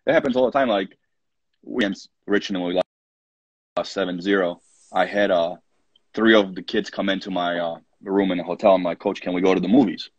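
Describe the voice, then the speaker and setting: A man in his thirties from Poland tells stories from his coaching days in a casual interview, acting out what he said with plenty of fillers. His voice sits low and a little husky. The sound is dry and somewhat muffled. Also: a little fast, no room sound. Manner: animated anecdotes, acts out his own quoted lines, many fillers. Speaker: college soccer coach, podcast guest.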